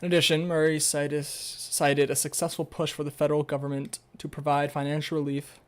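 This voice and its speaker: A young man talking on a casual livestream, stumbling through an article he reads aloud and breaking off into sarcastic, swearing asides. His voice sits a bit higher than most men's, and his talk is loose and rambling. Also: little pitch movement, fairly quick, smooth. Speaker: streamer.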